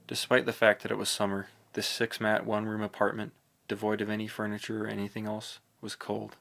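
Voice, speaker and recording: A man reads a novel aloud in the first person, steady and brooding. His voice sits low with a gravelly edge, and the pitch barely moves. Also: a little fast. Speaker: audiobook narrator.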